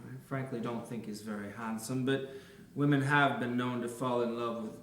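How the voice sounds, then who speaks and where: A woman's voice: very deep voice, fairly even intonation, moderate pace, slight background noise. An actress on stage playing a prying, arch woman who digs for gossip. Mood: probing. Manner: probing, arch. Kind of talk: stage play acting. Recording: echoey stage from far off.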